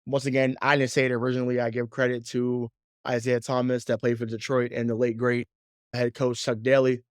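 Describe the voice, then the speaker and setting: A man with a medium-pitched voice hosts a sports podcast, keeping the chat relaxed and foul-mouthed, laughing frequently and doubling up on words as he gets going. The audio is clean studio sound with no room noise.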